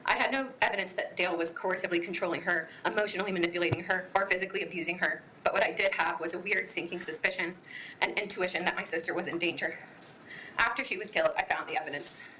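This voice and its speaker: A woman giving a victim impact statement in court, reading her prepared statement in an earnest, measured way. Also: lowish voice, pushed and bright, a little hiss or hum, rough recording.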